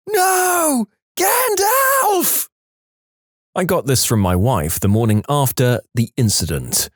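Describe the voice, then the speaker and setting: A man narrating reader-submitted stories in a scripted, expressive way, acting out the quoted lines with changing voices. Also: lowish voice, dry recording, clean studio sound. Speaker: storytime narrator.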